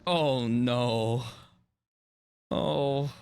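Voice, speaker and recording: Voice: mid-range voice, steady tone, extremely slow, a little mellow, clean tone, faint music behind. A co-commentator on a live game stream, laughing often and teasing the player. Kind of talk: casual live-stream banter.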